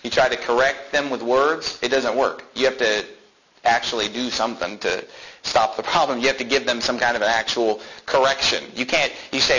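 Bright-voiced preacher, emphatic man. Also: medium pitch, rough recording. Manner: reads scripture slowly, then explains it emphatically. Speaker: pastor. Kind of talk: sermon.

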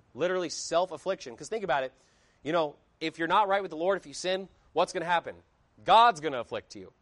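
A man's voice: on the high side, a bit bright. A man preaching a sermon in a conversational way, with emphatic outbursts. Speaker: pastor.

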